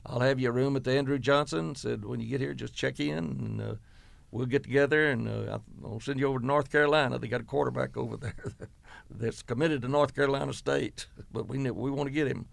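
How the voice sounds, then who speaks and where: Gravelly old man reminiscing. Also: mid-range voice, fairly even intonation, fairly quick, dry recording. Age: 80s. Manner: meandering reminiscence with many fillers and quoted dialogue. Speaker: retired football coach. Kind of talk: oral history interview.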